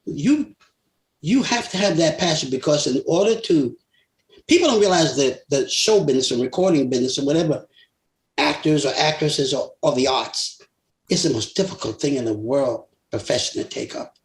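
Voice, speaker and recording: A man's voice: on the high side, moderate pace. An older man spins stories from a long career, laughing often and acting out the voices of the people in them. His voice carries a roomy echo from the space around him. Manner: animated storyteller, laughs often, acts out voices. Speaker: guest singer. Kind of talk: storytelling interview.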